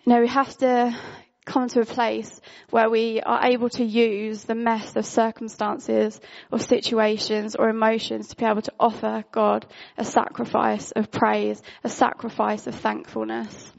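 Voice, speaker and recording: A woman's voice: a little high, completely flat delivery, unhurried, gravelly, hardly any pauses, lo-fi sound. A woman giving an informal, candid sermon, talking conversationally with frequent fillers. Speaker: worship speaker.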